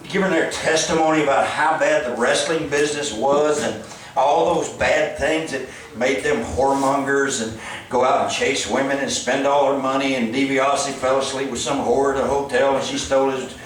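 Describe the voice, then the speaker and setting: A man's voice: mid-range voice, steady tone, normal speed, slight background noise. A man with a Southern accent telling crude, rambling jokes to a live audience as a guest speaker. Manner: profane, joking, rambling. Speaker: guest speaker at a fan event. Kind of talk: crude comedic stage talk. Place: event hall stage with audience. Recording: echoey hall heard from far off.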